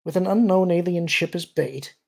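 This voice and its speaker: Narrator doing a steady veteran admiral, measured and dry, gravelly. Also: male voice, high voice, pitched above the performer's own voice, exaggerated voice. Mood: calm. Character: older male admiral, calm and steady.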